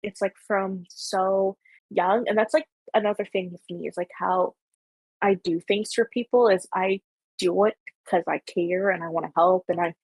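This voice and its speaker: Young Canadian woman host, slightly husky, loose and rambling, lots of "like", dry close sound. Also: medium pitch, fairly even intonation, normal speed, darkish tone, no room sound. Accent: Canadian, Ontario. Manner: rambling, heavy on filler "like". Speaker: podcast host. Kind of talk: casual chat.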